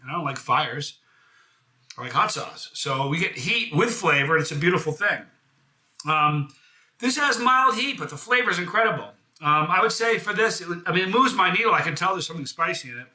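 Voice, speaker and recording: Man, American, bright ringing voice, casual live review host, chatty and upbeat, echoey room. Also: on the high side, expressive, a little fast. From United States. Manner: chatty, enthusiastic, self-deprecating jokes. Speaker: hot sauce reviewer and channel host.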